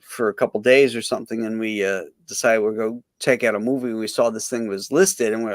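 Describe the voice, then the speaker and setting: A man in relaxed casual chat, telling an anecdote in an easygoing way. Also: fairly low pitch, a little fast, dry recording, studio quality. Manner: laid-back, short agreeing interjections. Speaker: comic artist and livestream guest. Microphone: video call.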